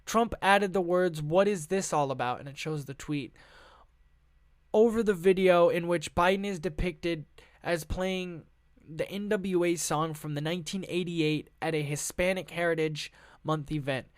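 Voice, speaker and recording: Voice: medium pitch, measured pace, dry recording, clean studio sound. A podcast host reading news articles aloud and breaking off into profane, laughing, rambling asides.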